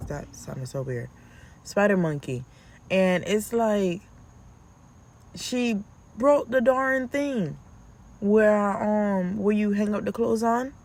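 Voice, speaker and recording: A woman telling casual, animated stories as a podcast host, acting out how she scolds her kids. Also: mid-range voice, takes it slowly, slight background noise. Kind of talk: casual storytelling.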